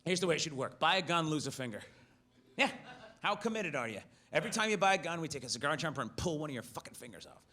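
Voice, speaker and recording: A man with a British accent doing a stand-up comedy set, animated and profane, breaking into shouted inner voices. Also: a little high, quick pace. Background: audience laughter.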